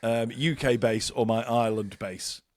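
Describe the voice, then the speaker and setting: A man's voice: medium pitch, normal speed, no room sound, clean studio sound. A man co-hosting a podcast, telling stories and acting out quotes in a casual chat. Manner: animated storyteller, acts out quotes. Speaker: podcast co-host.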